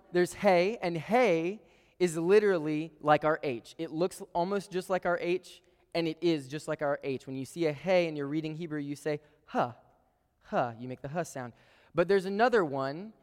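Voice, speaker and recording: A man preaching a sermon to a live congregation, conversational and playful, with quick asides to the room. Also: on the high side, clear, resonant tone. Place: church sanctuary with a live congregation. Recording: long reverb of a large hall.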